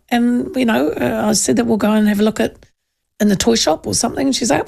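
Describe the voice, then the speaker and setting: A woman radio host with a New Zealand accent chats and tells funny family stories, acting out the voices as an animated storyteller. Her voice is fairly high with vocal fry and a breathy edge, at a moderate pace, in casual chat and anecdote.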